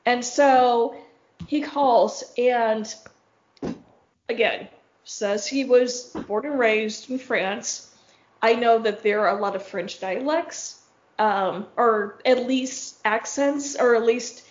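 A woman podcast host telling a story in casual chat, rambling with lots of fillers and blunt swearing. Her voice sits fairly high. The recording sounds a little dull and lo-fi. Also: slow. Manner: animated, rambling with many fillers and frank swearing.

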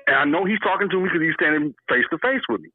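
A man talking in loose podcast chat, his voice jumping around with surprise and laughter. The sound is dry and squeezed thin, like a phone line. He sits a touch higher than most men. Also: quick pace, breathy edge, dry recording. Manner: animated, exclaims and laughs often, swears casually. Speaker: podcast co-host. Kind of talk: casual chat.

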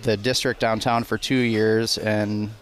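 A man's voice: fairly low pitch, flat delivery. A man, a chef talking easily and plainly as a podcast guest. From Wisconsin. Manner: easygoing, plainspoken, slightly halting. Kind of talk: casual interview chat.

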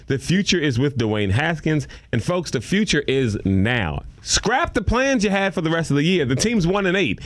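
A man's voice: on the high side, big pitch swings, moderate pace, hardly any pauses, a bit bright, no room sound. Emphatic man making a sports case. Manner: emphatic, repeats phrases for effect. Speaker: co-host. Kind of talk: casual sports chat.

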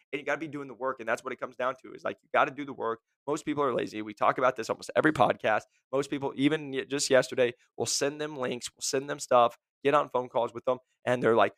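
A man's voice: medium pitch, fairly even intonation, quick pace, hardly any pauses, fairly bright tone. A man with a mid-range voice gives blunt, emphatic career advice as a podcast host. He keeps asking rhetorical questions. The sound is dry and close, with no room echo. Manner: emphatic, repeats "guess what", mimics whiny voices. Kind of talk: blunt motivational talk.

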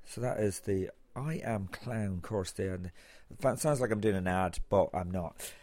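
A man's voice: deep voice, moderate pace, a little mellow, no room sound. An Irish man hosting his podcast, rambling casually with many fillers and restarts. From Ireland. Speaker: podcast host and comedian.

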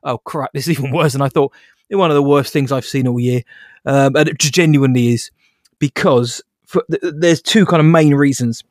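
A man co-hosting a casual film review podcast, animated and sarcastic, laughing as he talks. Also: medium pitch, moderate pace, no echo, clean studio sound.

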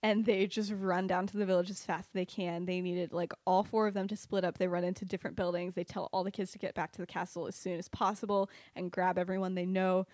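A woman's voice: on the low side, little pitch movement, quick pace, few pauses, darkish tone, no room sound. A young woman casually retelling a fan-fiction story on a podcast, chatty, with lots of "like" and "um" and laughter. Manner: chatty, many "like" and "um", laughs at her own story.

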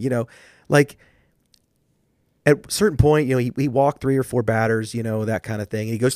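A man's voice: medium pitch, fairly even intonation, a little fast, pauses often, darkish tone, dry recording. A man co-hosting a podcast, telling coaching stories in casual chat with thoughtful restarts. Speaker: podcast co-host.

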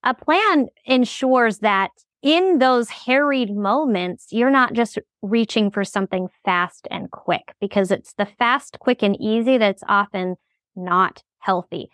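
Woman, middle-aged, high pitch, practical casual talk, dry close recording. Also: takes it slowly, fairly bright tone, no room sound. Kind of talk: casual chat.

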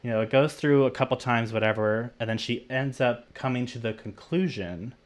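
A man's voice: medium pitch, normal speed. A man co-hosting a podcast, casually retelling a film's plot in a rambling way full of "like". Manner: rambling, heavy use of "like". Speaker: podcast co-host. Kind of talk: casual movie recap.

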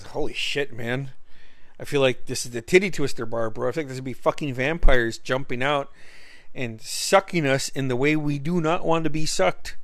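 A man tells a personal story in a loose, easygoing way, swearing freely and chuckling as he goes. His voice sits at an ordinary pitch for a man. The recording is close and dry. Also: fairly bright tone, dry recording. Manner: laid-back, profane, chuckling.

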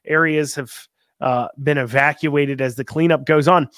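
A man with a fairly high, bright voice hosts a conservative radio talk show, speaking at normal speed with fairly even intonation. His casual political talk is folksy and rambling, full of ums and restarts, and the studio sound is clean and dry.

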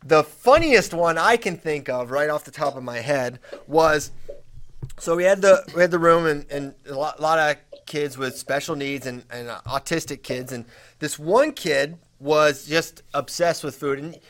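Man, podcast host, casual chat, animated storyteller, a bit high-pitched. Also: normal speed. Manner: lively storyteller, restarts a lot.

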